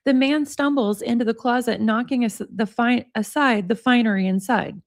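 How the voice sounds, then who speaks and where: A woman's voice: a little high, normal speed, few pauses, dry recording, clean studio sound. A woman hosting a livestream, reading a book aloud expressively, with chatty asides to her viewers. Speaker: livestream host. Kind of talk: book reading with casual chat.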